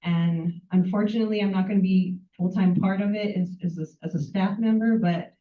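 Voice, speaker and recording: A woman in her thirties, close to tears, gives a halting impromptu farewell speech at an event. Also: medium pitch, fairly even intonation. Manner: halting, full of fillers and restarts. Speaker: nonprofit fundraising staff member. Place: event room with audience. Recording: echoey, distant, tinny phone-like sound.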